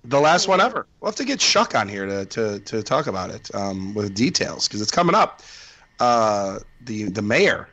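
A man chats as a podcast co-host, his pitch rising and falling a lot as he tells stories. He rambles, stopping to restart his sentences and filling the gaps with ums and uhs. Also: big pitch swings, normal speed, a bit bright, highs cut off. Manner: rambling, many fillers and restarts. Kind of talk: casual chat.

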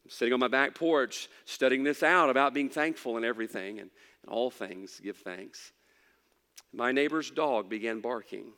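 A man's voice: medium pitch, normal speed, pushed and bright, long reverb tail. A middle-aged man preaching a sermon, emphatic at times and dropping into folksy storytelling. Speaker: pastor. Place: church.

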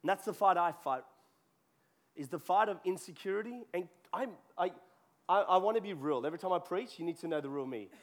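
This is a man's high-pitched, animated voice moving at a brisk clip. He's a pastor preaching to a congregation in a church hall, keeping it conversational and joking with those in the room.

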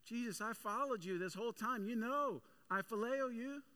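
A man voicing the disciple Peter as a loud, eager, boastful follower who protests too much. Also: very high-pitched, moderate pace, pitched above the performer's own voice. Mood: pleading.

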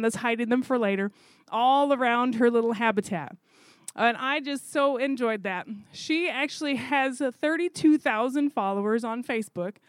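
A woman who coordinates zoo volunteers, telling a story in a chatty, animated way with fillers. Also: on the high side, dry recording. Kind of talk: casual storytelling.

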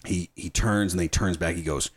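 A man's voice: deep voice, a little fast, slightly rough. A man hosting a casual film discussion, talking enthusiastically and swearing freely. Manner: profane, enthusiastic, animated. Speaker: podcast host.

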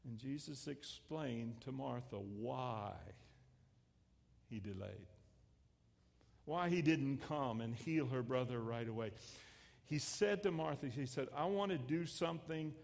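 A man pastor preaching a sermon, swelling loud and then dropping to hushed lines. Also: mid-range voice, expressive, slow pace, creaky, pauses often. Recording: echoey hall with long reverb.

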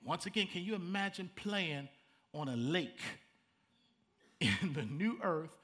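A middle-aged male pastor preaching with a high, bright voice. He swings widely up and down in pitch as he reads verses and punches his points home. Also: takes it slowly. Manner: animated preaching, reads scripture and comments with dramatic emphasis. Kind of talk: sermon.

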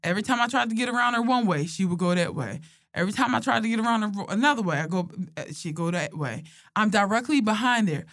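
This young woman speaks fast in a mid-range voice, captured with dry, clean studio sound. Chatting casually, she shares funny personal anecdotes, laughing often and swearing without restraint in a lively style.

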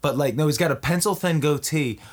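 A man riffing crudely and at length, pitching an absurd movie idea to his co-host in casual comedic talk. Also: fairly quick. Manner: animated, crude, rambling storyteller.

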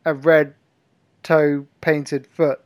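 A man's voice: fairly high pitch, level tone, extremely slow, no echo, highs cut off. A man chatting casually about a film on a podcast, laid-back, with dry sarcastic asides. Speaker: podcast co-host. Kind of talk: casual film review chat.

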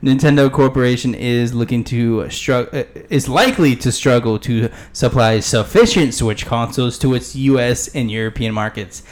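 A man's voice: medium pitch, fairly even intonation, moderate pace, hardly any pauses. A man co-hosting a gaming podcast, chatting casually and reading news articles aloud. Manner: chatty, laughs easily, reads articles aloud. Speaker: podcast co-host.

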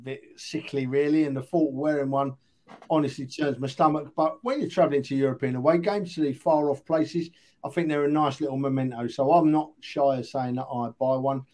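A man's voice: medium pitch, fairly even intonation, fairly quick, a little mellow. A man co-hosting a podcast, chatty and self-deprecating. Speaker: podcast co-host. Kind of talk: casual podcast chat.

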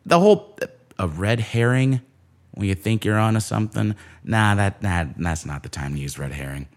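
Low-voiced man ranting sarcastically. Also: normal speed. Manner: sarcastic, profane, animated storytelling. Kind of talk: casual ranting monologue.

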